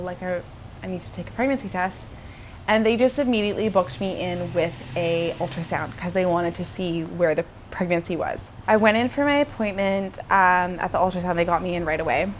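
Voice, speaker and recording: A woman's voice: on the low side, slight background noise. A young woman vlogger telling a personal story in a casual, chatty way, with lots of fillers and restarts.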